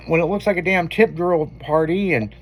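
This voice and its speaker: A man's voice: on the high side, fairly even intonation, moderate pace, noisy background. A man hosting a radio show, telling a long story in casual, profanity-laden on-air banter.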